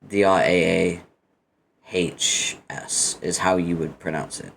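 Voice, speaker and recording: A man's voice: low-pitched, fairly even intonation, slow, gravelly, fairly bright tone, slight background noise. A British man chatting casually and teasing his audience with profane banter between readings. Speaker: webcomic reader and streamer. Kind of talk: casual chat.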